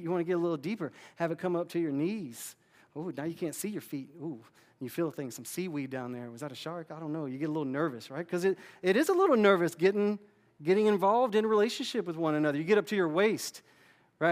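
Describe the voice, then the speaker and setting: A man preaching a sermon as pastor, conversational and restarting his words often. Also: on the high side.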